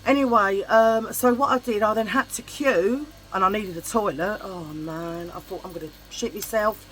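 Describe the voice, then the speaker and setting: A middle-aged woman vlogger tells a long story in casual chit-chat, her mid-range voice moving at a moderate pace. She's chatty, animated and blunt, swearing freely and acting out voices in her anecdotes. The audio is poor, with a little hiss or hum.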